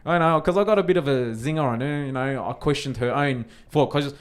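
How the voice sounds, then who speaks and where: A young Australian man co-hosting a casual podcast tells a story in a brisk, smooth, medium-pitched voice. He's animated, swears freely, and acts out the quotes as he goes.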